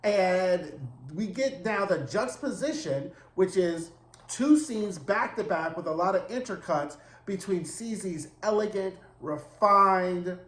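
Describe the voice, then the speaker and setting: A man recapping a TV episode in a casual monologue, animated, campy and profane in his storytelling. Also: high-pitched, slow pace, echoey room. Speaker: TV recap reviewer.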